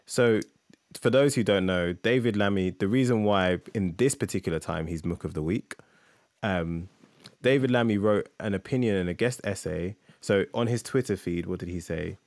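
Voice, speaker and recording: A man's voice: low voice, normal speed, darkish tone, no echo. A man co-hosting a podcast, reading an essay aloud with chatty asides and fillers. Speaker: podcast co-host.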